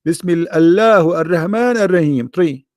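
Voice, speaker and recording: A man hosts a live call-in debate in a mocking, sarcastic manner, his tired voice worn out from hours of talking. His pitch is fairly high and a little mellow, his speed normal, and the studio sound is clean with no echo.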